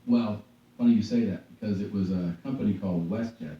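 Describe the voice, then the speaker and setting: A man hosts a casual podcast, telling stories with lots of swearing and acted-out quotes. His voice sits low and very dark. It is recorded from a distance in a roomy, echoey space with a dull, lo-fi sound. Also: fairly quick. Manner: animated storyteller, swearing, acting out quotes. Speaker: podcast host. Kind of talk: casual chat. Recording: echoey room from far off, dull lo-fi.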